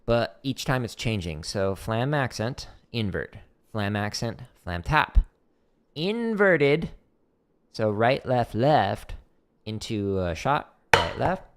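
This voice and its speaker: Guy with a bit of fry in his voice chatting thru drum rudiments on a home stream, lots of "like"s, desk mic. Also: fairly low pitch, expressive, slow pace. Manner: chatty, lots of "like" fillers, counts out rudiments aloud. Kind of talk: casual livestream teaching. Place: home practice room. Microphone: desk microphone.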